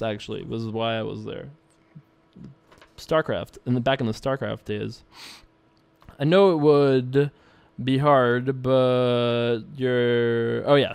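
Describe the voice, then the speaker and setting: A young man hosts a casual poker stream, his voice smooth and clear at an ordinary, middle pitch. He chats offhandedly with viewers as he plays, often breaking into laughter and letting the odd curse slip out. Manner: chatty and loose, laughs often, swears casually. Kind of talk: casual commentary while playing online poker and reading viewer emails.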